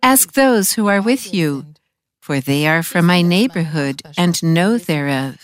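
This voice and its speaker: A woman's voice: on the low side, expressive, a little slow. A woman reading aloud as a defiant man defending how he treats his own horse. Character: stern, earnest male animal owner.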